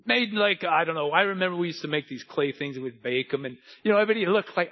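A man preaching a sermon with an emphatic, repetitive cadence that builds to shouting. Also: a little high, lively intonation, fast talker, few pauses. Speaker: pastor. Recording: dull lo-fi sound.

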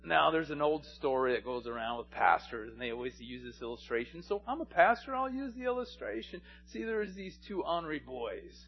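A man's voice: on the high side, very animated, fairly quick, hardly any pauses, highs cut off, a little hiss or hum. A man, a pastor, preaching a sermon and telling stories, at times rising to passionate pleading. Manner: storytelling, rising to impassioned pleading.

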